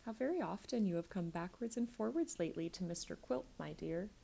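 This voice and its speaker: A woman reading aloud and voicing a timid, kindly wife who speaks softly and falters. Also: fairly low pitch, lively intonation, brisk, gravelly, a little hiss or hum. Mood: gentle. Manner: soft, gentle and faltering.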